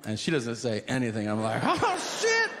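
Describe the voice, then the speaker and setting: A middle-aged man telling a stand-up story with an animated, exasperated delivery. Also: lowish voice, fairly quick. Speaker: stand-up comedian. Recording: noisy live comedy club.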